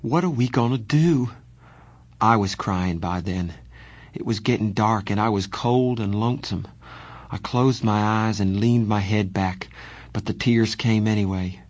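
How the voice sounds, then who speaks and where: A man narrating a first-person novel as an audiobook, reading in a steady, measured way. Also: fairly low pitch, no room sound.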